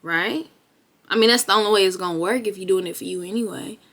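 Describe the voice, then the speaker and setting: A young woman vlogger giving a blunt, profane motivational talk straight to the camera, with emphatic, animated delivery that rises to loud bursts. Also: medium pitch, quick pace.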